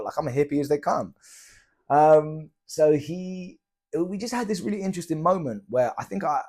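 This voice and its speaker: Young British man, casual slangy storyteller, vlog voice. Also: mid-range voice. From Britain. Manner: chatty, slangy, animated retelling with quoted dialogue. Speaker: travel vlogger.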